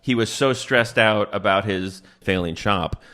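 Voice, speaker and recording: A male stand-up comedian recapping a movie to a friend in an animated way, often laughing and acting out lines. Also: lowish voice, measured pace, very noisy.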